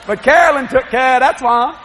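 A middle-aged man preaching a sermon, telling lively stories with laughing asides. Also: very high-pitched, a little fast, slight background noise. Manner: storytelling, animated, laughing asides.

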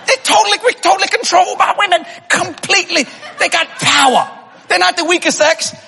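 A man preaching a humorous sermon to a congregation, telling comic stories, laughing and often shouting. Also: very high-pitched, brisk, vocal fry, in a large hall, a loud crowd. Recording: live audience laughter and room noise.

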